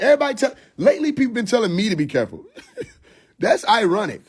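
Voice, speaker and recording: Brash high-voiced man lecturing on a livestream. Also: very animated, quick pace, slightly rough. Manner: blunt, profane, swaggering lecturing with frequent laughs. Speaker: livestream host. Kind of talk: casual livestream monologue. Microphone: phone livestream.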